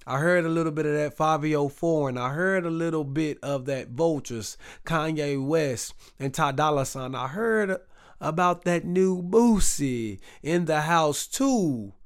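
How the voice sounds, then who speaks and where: A man's voice: a little high, unhurried, clean tone. A man from Texas with a Southern accent, hosting a casual solo podcast in a chatty, repetitive, hyped-up way. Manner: chatty, repetitive, hype call-and-response phrasing. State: recovering from a rough voice. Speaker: podcast host.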